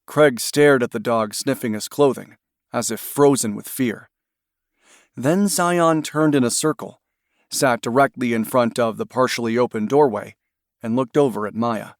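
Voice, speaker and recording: A man narrating an audiobook in a steady, measured storytelling manner. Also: medium pitch, dry recording, studio quality.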